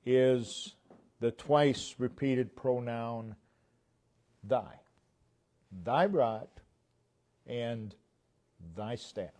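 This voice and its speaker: Male preacher, mid-pitched, slow and deliberate, heavy stress on repeated words, church sermon. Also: darkish tone.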